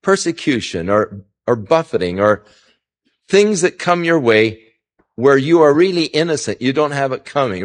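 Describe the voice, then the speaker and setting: A male pastor giving a conversational Bible-teaching sermon, folksy and anecdotal, with rising emphasis on scripture. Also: on the high side. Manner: folksy, anecdotal, chuckles at his own stories.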